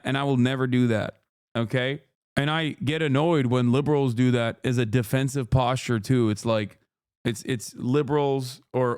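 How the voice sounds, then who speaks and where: A man's voice: mid-range voice, clear, resonant tone, no room sound, clean studio sound. A man streaming and reacting to clips in a heated, profane rant, laughing now and then between points. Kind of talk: casual reaction commentary.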